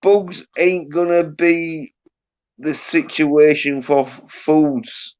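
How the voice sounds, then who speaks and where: Brief: slow, halting male streamer, casual swearing, muffled lo-fi sound. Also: a little high, a little mellow. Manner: halting, profane, joking. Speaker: host. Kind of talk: casual livestream chat. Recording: muffled lo-fi audio.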